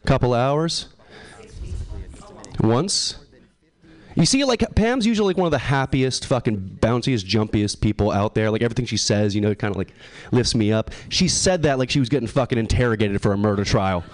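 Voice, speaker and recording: A young man in his twenties works through a stand-up set at an open mic in a voice of medium pitch. He swears freely, mocks his own jokes and drifts into rambling asides. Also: normal speed. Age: 20s. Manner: profane, self-deprecating, rambling asides. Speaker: stand-up comedian. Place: open mic comedy show.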